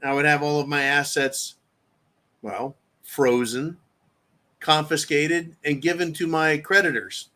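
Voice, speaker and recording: A man's voice: a little high, fairly even intonation, a little slow, pushed and bright. Brassy-voiced man ranting on his show. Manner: profane, combative ranting; reads viewer chat aloud. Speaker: show host. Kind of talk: live-stream commentary rant.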